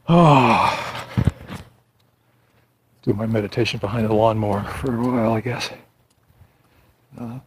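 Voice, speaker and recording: A man chatting casually to the camera while out on a walk, rambling and poking fun at himself. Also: fairly low pitch. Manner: rambling, chatty, self-deprecating. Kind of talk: casual walking vlog monologue. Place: outdoors on a walk through a neighborhood. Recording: clear outdoor background noise.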